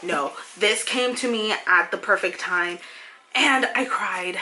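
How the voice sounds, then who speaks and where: A woman's voice: medium pitch, takes it slowly, bright, forceful tone. A young woman reviewing her favorite books in a casual vlog, gushing and emotional as she talks straight to her viewers, with many fillers and sudden bursts of speed. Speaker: book reviewer.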